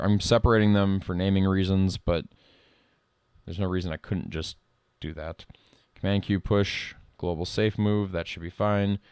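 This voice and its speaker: A middle-aged man streaming live code work, reading lines aloud and thinking out loud in a casual way. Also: on the low side, clean tone, no room sound, clean studio sound. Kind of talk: casual live-coding commentary.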